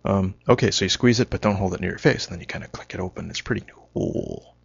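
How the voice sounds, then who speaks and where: A man's voice: low voice, quick pace, vocal fry, slightly rough, no room sound. A man giving a rambling, self-mocking solo monologue, wry and punchy, on a dull lo-fi recording.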